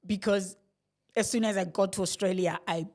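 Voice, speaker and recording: A middle-aged woman with a South African accent speaks straight to her viewers. Her talk is reflective and meandering, full of restarts, sighs and small laughs, at an ordinary mid pitch. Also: steady tone, moderate pace, a little mellow. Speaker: vlogger. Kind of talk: candid personal vlog monologue.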